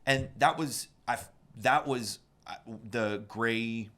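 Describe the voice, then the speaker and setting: Speaking slowly at a medium pitch, this man has a bright, forceful tone, with slight background noise behind him. He's a menswear salesman co-hosting a menswear podcast, rambling through casual chat full of fillers and restarts.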